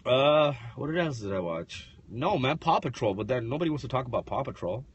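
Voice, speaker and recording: A man's voice: mid-range voice, expressive, fairly quick, breathy edge, dull audio. A man co-hosting a casual podcast chat, telling stories in slang with lots of swearing and quoting people. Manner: slangy, profane storytelling, quotes others. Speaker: podcast co-host.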